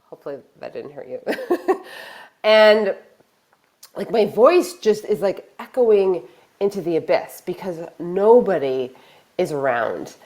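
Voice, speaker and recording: A woman telling a personal story on a live stream, lively and animated, acting out her own shouts and quoted lines. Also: medium pitch.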